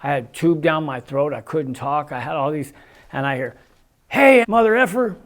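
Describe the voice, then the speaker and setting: A man's voice: mid-range voice, steady tone, normal speed. A man giving an earnest casual testimony as a guest, with many "you know"s and restarts as he tells his story.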